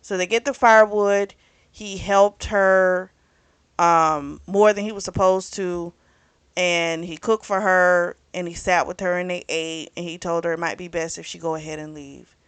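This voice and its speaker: A woman's voice: on the low side, fairly even intonation, unhurried, a bit bright, clean tone, no room sound. A woman reviewing a book in a casual recap, rambling with plenty of fillers and blunt swearing. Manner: rambling, frank, swears freely, lots of fillers.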